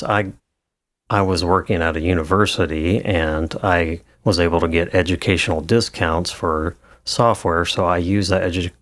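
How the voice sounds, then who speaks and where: Low male voice, unhurried tutor, dry close-miked sound. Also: no echo. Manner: relaxed, hesitant with fillers and restarts. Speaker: audio engineer teaching. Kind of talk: screen-recorded tutorial.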